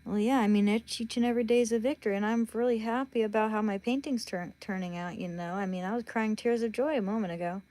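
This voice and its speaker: A woman's voice: a little high, steady tone, fast, few pauses, warm tone, no room sound. A woman hosting a livestream, chatting casually and bluntly with her viewers. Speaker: livestream host.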